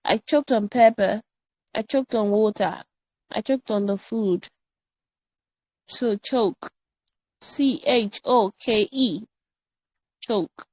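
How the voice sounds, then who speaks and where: A woman teaching an online English grammar workshop, animated and playful, drilling example sentences again and again. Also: a little high, takes it slowly, pauses often, no echo, poor audio.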